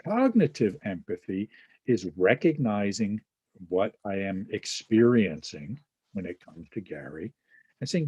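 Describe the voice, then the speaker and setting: A man with a fairly low voice teaching a webinar over a video call, acting out short scenes to make his point. He keeps checking in with "right?" and "okay?", and the sound is dry and close with no room around it. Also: big pitch swings, unhurried, darkish tone, husky, no echo, highs cut off. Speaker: webinar presenter. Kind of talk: teaching talk with examples.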